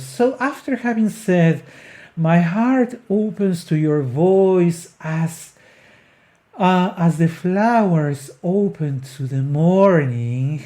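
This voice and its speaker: Slow, careful opera singing coach. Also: medium pitch, expressive, dark tone. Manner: slow, careful phrasing, often restarting words; sings short demonstration syllables between explanations. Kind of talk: explaining an aria line by line.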